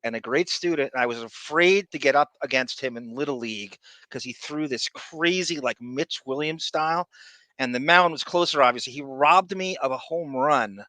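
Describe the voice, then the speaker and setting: A man hosts a casual podcast, calling out viewers by name between crude jokes and long rambling stories. His voice is bright and forceful, and it is recorded dry and close. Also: medium pitch, moderate pace, dry recording. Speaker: podcast host. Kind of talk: casual chat, greeting live chat viewers.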